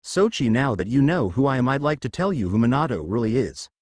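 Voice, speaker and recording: A man voicing a gentle, motherly female sun goddess in a fan fiction reading. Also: mid-range voice, big pitch swings, a little fast, no echo, clean studio sound. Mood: tender.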